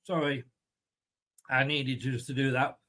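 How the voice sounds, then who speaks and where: A man's voice: medium pitch, little pitch movement, unhurried, sharp tone. A man with a light, rambling, chatty manner, hosting a live football watchalong and reading out viewer comments. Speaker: host of a fan watchalong.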